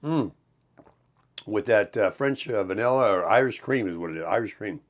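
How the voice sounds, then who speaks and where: In the kitchen of his home, an RV, a middle-aged vlogger cooks breakfast while chatting casually with viewers in a morning vlog. His lowish voice is animated at a normal speed as he rambles from one topic to the next.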